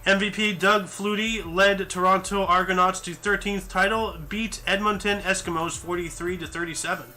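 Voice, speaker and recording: A man with a high, very bright voice runs a casual podcast, rattling off dates and sports scores from a list. He breaks in with chatty, joking asides. Faint music plays under him. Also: fairly even intonation, normal speed, hardly any pauses. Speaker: podcast host reading history events. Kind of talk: casual chat reading off a list.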